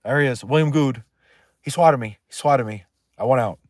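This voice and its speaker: A man's voice: medium pitch, moderate pace, no echo, clean studio sound, lightly acted. A man putting on a panicky, paranoid man who frantically repeats himself and begs to be let go. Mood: panicked. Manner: frantic, repetitive, whining.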